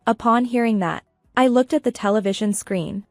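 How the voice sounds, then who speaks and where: A woman tells a first-person revenge tale at a steady, even pace. Her voice is a little high, and it is recorded dry over quiet music. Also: moderate pace, no room sound. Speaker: story narrator.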